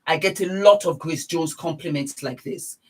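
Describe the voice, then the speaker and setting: Exuberant middle-aged woman with a husky voice. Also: low voice, moderate pace, poor audio. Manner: exuberant, gushing, repeats praise words. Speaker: beauty vlogger. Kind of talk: casual product demonstration.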